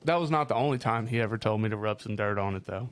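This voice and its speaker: A man with a Midwestern accent, co-hosting a casual podcast chat and telling rough stories, swearing freely. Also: on the low side, fast. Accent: Midwestern American. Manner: swearing storyteller, lively. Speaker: podcast co-host.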